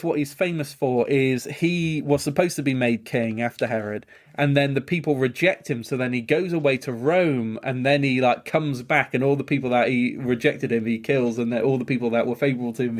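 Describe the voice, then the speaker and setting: A man's voice: medium pitch, a little fast, few pauses. A man co-hosting a casual discussion podcast, explaining in loose, rambling asides. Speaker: podcast co-host.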